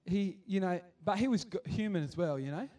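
A man's voice: high-pitched, expressive, fairly quick, darkish tone, far from the mic, faint music behind. A man preaching a casual sermon at kids church, full of restarts, that builds to passionate appeals. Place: church hall.

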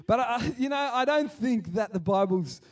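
A man giving a chatty, animated sermon and acting out the scenes he tells. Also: very high voice, normal speed, far from the mic. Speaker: preacher. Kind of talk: casual sermon.

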